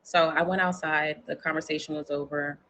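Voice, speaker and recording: A woman's voice: deep voice, fairly even intonation, a little fast, fairly bright tone, a little hiss or hum, rough recording. A woman from New York, guest in an interview, telling a personal story candidly, swearing freely and acting out quotes in a raised voice.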